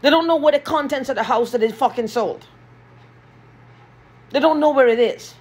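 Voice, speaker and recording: A woman's voice: high-pitched, moderate pace, a little mellow, husky. A woman in an agitated, repetitive vlog rant, swearing often, recorded in a small basement room. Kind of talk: ranting vlog monologue.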